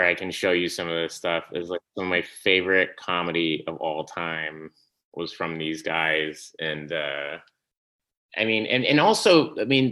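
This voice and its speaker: A man, a podcast guest, telling stories in casual conversation, animated and laughing often. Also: low voice. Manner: animated storytelling, laughs often, trails off and restarts.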